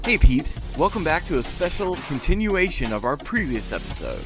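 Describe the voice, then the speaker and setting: A man's voice: on the high side, very animated, normal speed, loud music behind the voice. A man co-hosting a podcast, teasing and cracking crude jokes in casual chat. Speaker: podcast co-host.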